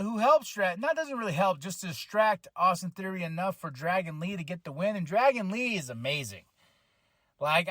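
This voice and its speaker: A man hosting a podcast, casually recapping a wrestling show, excitable, laughing often, swearing and acting out what people said. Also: high voice, no echo, studio quality. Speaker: podcast host.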